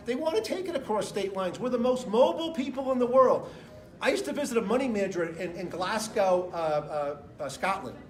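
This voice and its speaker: A middle-aged American political candidate delivers an unscripted campaign speech to an indoor audience in a notably high voice. He is rambling and emphatic, skipping from stories to statistics, and the sound bounces around an echoey room.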